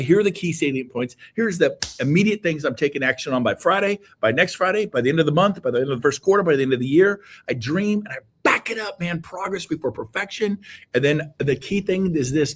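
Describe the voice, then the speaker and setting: A middle-aged man, a guest on an interview show, giving an energetic, emphatic motivational talk that is full of repeated exhortations. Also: mid-range voice.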